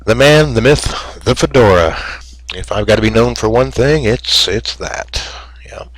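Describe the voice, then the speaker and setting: A man's voice: mid-range voice, expressive, measured pace, a bit bright, slight background noise, low-quality recording. A man giving casual, rambling commentary over a game screencast, with many fillers and self-mocking jokes. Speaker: gamer narrating a screencast.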